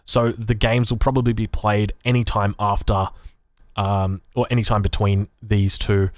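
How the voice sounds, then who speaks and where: A man's voice: on the low side, level tone, moderate pace, no echo, studio quality. An Australian man streaming a strategy game, rambling casually and reading chat aloud. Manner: rambling, chatty, swears, reads chat aloud.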